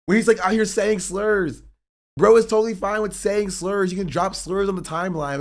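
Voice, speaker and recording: A man streaming live, reacting to clips with blunt, profane commentary that swings from measured to fired up. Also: sits high, animated.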